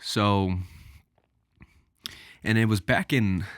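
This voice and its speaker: A man's voice: fairly low pitch, extremely slow, fairly bright tone, clean tone, no echo, clean studio sound. A man hosting his own podcast, talking casually and rambling a little, addressing his listeners directly and getting out of breath. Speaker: podcast host. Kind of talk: solo podcast monologue.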